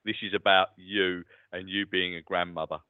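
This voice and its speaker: A man's voice: low voice, little pitch movement, moderate pace, clear, resonant tone. A man with a British accent, a psychic medium guest, chatting earnestly as he relays messages. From United Kingdom. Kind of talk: casual call-in chat. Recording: tinny phone-line sound.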